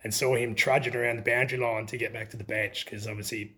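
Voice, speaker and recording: A middle-aged man with an Australian accent, telling stories from his football days in a relaxed interview, often laughing as he talks. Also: medium pitch, quick pace. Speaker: former country footballer. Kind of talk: casual storytelling interview.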